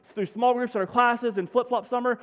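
A man's voice: very high-pitched, steady tone, a little fast, a bit bright, long reverb tail. A man preaching a sermon as pastor, folksy and self-deprecating, with many restarts. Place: church sanctuary.

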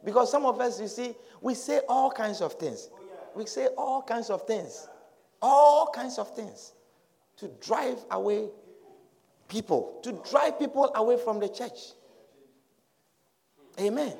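A man's voice: very high voice, lively intonation, takes it slowly, creaky, long pauses, a little mellow. A male pastor preaching a sermon emphatically, repeating phrases and asking listeners if they understand. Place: church hall. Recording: long hall reverb.

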